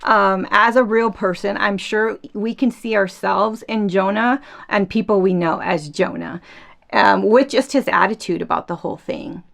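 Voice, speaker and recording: A woman talks through a Bible story on her podcast in a casual, chatty way. She gets animated and slips into little acted-out quotes. Her voice sits at an ordinary middle pitch. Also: normal speed, vocal fry. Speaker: podcast host. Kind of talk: casual faith podcast reflection.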